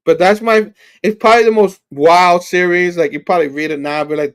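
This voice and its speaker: Slightly high-voiced man, going hoarse. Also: normal speed. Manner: laid-back, jokey, rambling. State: losing his voice. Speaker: co-host. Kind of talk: casual podcast chat.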